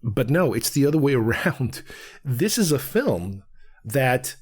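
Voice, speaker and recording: A man, from Queens, talks through a film in a loose, rambling solo commentary. His voice sits at an ordinary middle pitch. He thinks aloud as he goes. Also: very animated, a little slow, a little mellow, breathy edge. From Queens, New York. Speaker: film podcast host.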